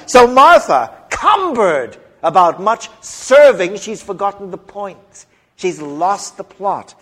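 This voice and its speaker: A preacher in his fifties delivering a sermon with a lively, swooping delivery, his voice a little high for a man. He rambles into side stories and pokes fun at himself as he goes, leaping between a hushed murmur and a loud, forceful pitch. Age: 50s. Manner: animated storyteller, rambling, self-mocking humor.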